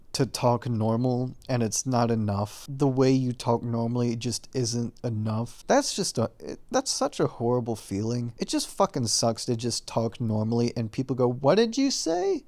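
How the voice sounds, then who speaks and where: A young man talking quietly to himself in a casual monologue, mumbling and questioning himself while he lies on his bed with a microphone held close to his face. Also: mid-range voice. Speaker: vlogger. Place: bedroom, lying on the bed.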